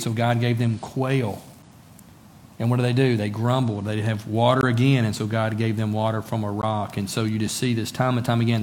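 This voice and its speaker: A male pastor preaching in an easy, conversational manner, often turning to his congregation with rhetorical questions. He repeats key words for emphasis, his voice sitting at an ordinary middle pitch. A faint hum sits underneath. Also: a little mellow. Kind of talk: sermon.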